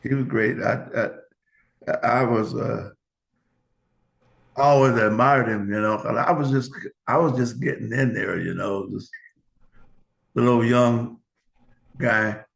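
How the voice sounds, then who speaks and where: Slow gravelly older man. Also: mid-range voice, fairly even intonation. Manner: halting, repeats words. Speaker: guest. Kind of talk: casual interview chat.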